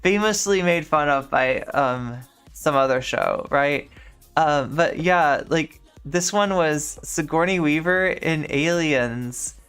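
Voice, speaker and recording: A woman streams a game and chats casually, rambling with lots of filler words. Her voice is smooth and clear. Faint game music plays underneath. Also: deep voice, slow, a bit bright. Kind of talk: casual live-stream chat while gaming.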